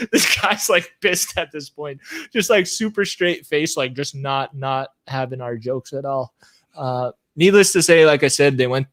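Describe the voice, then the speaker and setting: A man co-hosting a casual podcast, telling a funny road-trip story in a laid-back way, laughing often and calling his friends bro. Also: mid-range voice. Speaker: podcast co-host.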